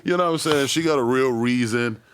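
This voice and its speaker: A man in casual podcast banter, talking haltingly with stammered restarts. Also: mid-range voice, a little hiss or hum. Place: podcast studio.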